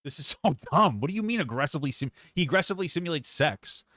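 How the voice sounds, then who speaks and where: A man's voice: a little high, expressive, quick pace, pushed and bright, no room sound, studio quality. A man hosting a casual reaction podcast, arguing his point bluntly and swearing.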